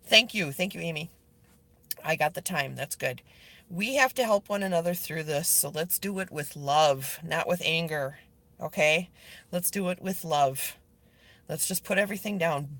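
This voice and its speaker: A woman's voice: sits low, moderate pace, fairly bright tone, no echo. A woman livestreaming to her online group, talking earnestly and pleading directly with her viewers as she answers their comments. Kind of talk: casual live video chat, reading viewer comments.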